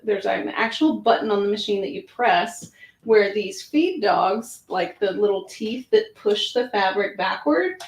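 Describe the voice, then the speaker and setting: A woman giving a chatty, hands-on demonstration of a sewing machine, narrating her own actions with lots of fillers. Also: mid-range voice. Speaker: product demonstrator. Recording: roomy echo.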